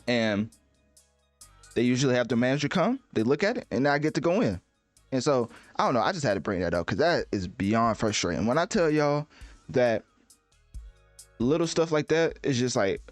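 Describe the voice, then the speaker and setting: A man in his twenties with a mid-range voice hosts a solo podcast, chatting in a laid-back, conversational monologue full of asides and fillers. The recording is dry.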